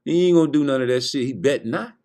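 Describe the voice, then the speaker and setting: A man's voice: medium pitch, fast, a little mellow. A man giving heated, profane boxing commentary in a casual rant, blunt and repeating points for emphasis.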